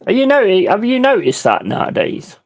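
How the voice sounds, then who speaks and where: A man's voice: very high-pitched, huge pitch swings, normal speed, no echo. Blunt, ranting man, dry sound. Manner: blunt, ranting, swears freely; mimics other people in quoted voices. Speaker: livestream host. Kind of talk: casual live-stream chat.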